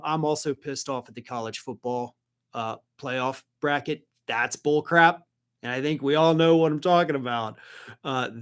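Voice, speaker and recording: A man hosting a political commentary livestream, talking conversationally and reading out viewer comments. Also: a little high. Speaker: host.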